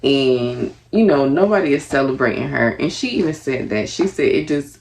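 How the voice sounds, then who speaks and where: Low gravelly woman chatting casually. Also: a little mellow. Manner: chatty, earnest, lots of fillers. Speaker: TV reality show reviewer. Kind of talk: casual reaction commentary.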